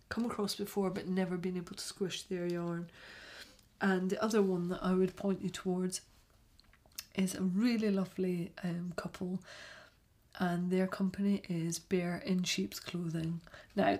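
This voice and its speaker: A woman from Scotland, a yarn vendor and podcaster, chatting casually and telling stories in a lively way. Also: on the low side. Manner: chatty, animated storytelling. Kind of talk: casual chat.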